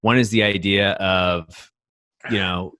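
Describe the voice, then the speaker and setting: A man co-hosting a podcast and coaching men, telling stories in an emphatic, animated way full of fillers. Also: deep voice, slow pace, clean tone, dry recording. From United States. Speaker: podcast co-host, men's coach. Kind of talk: casual podcast conversation.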